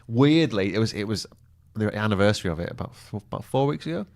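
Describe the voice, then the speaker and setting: Lively-voiced man chatting live football. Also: on the low side, fast talker, gravelly. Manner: chatty, reacts to live match action. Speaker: co-host of live football betting show. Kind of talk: live in-play football chat.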